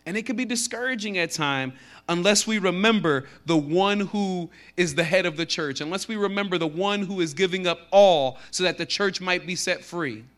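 A man with a Texan accent preaching a sermon, reading scripture slowly and growing more forceful on his main points. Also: high-pitched. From Texas. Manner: conversational preaching that builds in force on key lines; slows down to read scripture aloud. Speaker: pastor.

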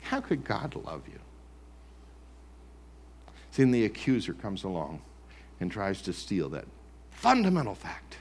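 Animated male pastor preaching a sermon. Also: lowish voice, a little slow, long pauses, slightly rough. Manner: animated preaching, swings from quiet to loud, acts out the accuser's voice. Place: church sanctuary.

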